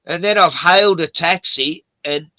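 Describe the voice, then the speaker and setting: A middle-aged Australian man chats casually on his stream. His voice is bright and pushed, a bit high for a man, recorded close and dry. He rambles through profane stories. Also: normal speed, dry recording, low-quality recording. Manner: profane, rambling anecdotes with laughs. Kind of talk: casual chat.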